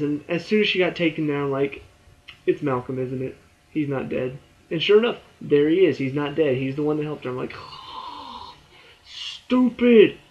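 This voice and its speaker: A young man giving a rambling, excitable spoken review of a TV show, full of fillers. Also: a little high, lo-fi sound.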